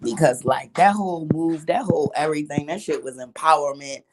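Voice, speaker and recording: A woman's voice: sits low, fairly quick, very noisy. A middle-aged woman vlogging a candid story, with profane, emphatic and preachy talk.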